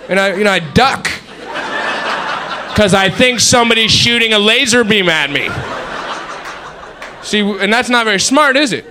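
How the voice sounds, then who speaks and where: A man's voice: sits high, lively intonation, brisk, long pauses, background noise. A man doing a rambling, self-mocking stand-up comedy set on stage.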